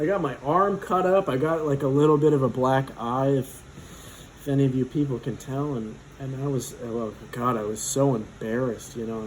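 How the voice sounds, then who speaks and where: A man's voice: mid-range voice, a little mellow, a little hiss or hum, low-quality recording. A man in his twenties telling a personal story casually, rambling with lots of fillers and swearing.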